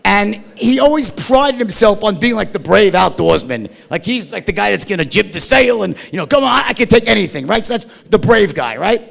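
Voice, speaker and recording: A middle-aged man telling a wild story in an animated, profane, rambling way, tossing in "right?" and "like" all the time. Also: high voice, normal speed, gravelly, hardly any pauses. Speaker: storyteller guest. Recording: long hall reverb.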